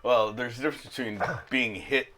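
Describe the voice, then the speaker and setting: A man's voice: medium pitch, brisk, bright, forceful tone. A man narrating as game master in a tabletop role-playing session, laughing often and teasing his players.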